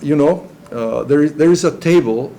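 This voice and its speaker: A middle-aged man from Serbia, giving a personal testimony in an interview. He talks in a halting, earnest way with many restarts. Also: on the high side, gravelly, dark tone, slight background noise.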